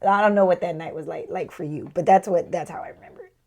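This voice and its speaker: A woman's voice: fairly low pitch, fast talker, vocal fry, a little mellow. A woman in her thirties shares a painful chapter of her marriage on a podcast she co-hosts. She talks candidly and emotionally. At the tender moments her voice falls almost to a whisper. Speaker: podcast co-host. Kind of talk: candid personal storytelling.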